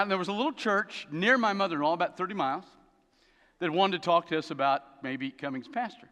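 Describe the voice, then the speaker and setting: A man preaching a sermon as pastor, telling stories with an animated, dry humor. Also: high voice. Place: church sanctuary. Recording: long reverb of a church hall.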